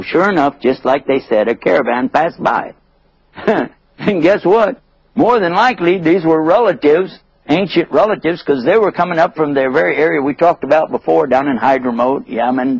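A man telling a story to an audience in a lively way, acting out the voices and chuckling often. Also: fairly high pitch, breathy edge, no echo, dull audio.

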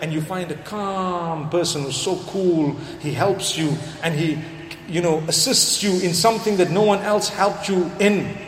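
A high-pitched man delivers a sermon, telling stories and weaving Arabic quotations and prayers into his talk. His voice rings through a large, echoey hall, with faint ambience behind him. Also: a little slow, slight background noise. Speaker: preacher.

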